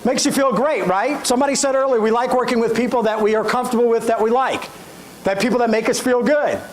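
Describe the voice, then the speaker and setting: A man's voice: very high-pitched, quick pace, slight background noise, rough recording. A middle-aged man, giving a storytelling motivational keynote and speaking straight to the audience. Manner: animated, addresses audience directly.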